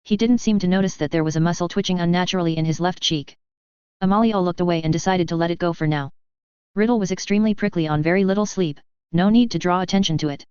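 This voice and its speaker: A woman reading fan fiction aloud as narrator in a steady, even manner, on a dull lo-fi recording. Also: lowish voice, fast, clear, resonant tone, no echo.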